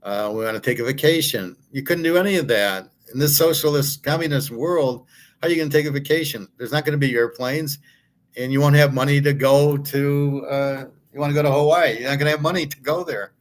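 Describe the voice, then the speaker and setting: A man's voice: mid-range voice, fairly quick. A middle-aged man, a sports handicapper, delivering a blunt, indignant monologue full of swearing and rhetorical questions. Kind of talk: ranting monologue.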